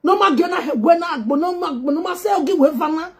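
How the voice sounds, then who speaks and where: Speaking fast in a very high-pitched, slightly mellow voice, a female entertainer pleads passionately with two public figures. She switches among English, Pidgin and a local language as she speaks.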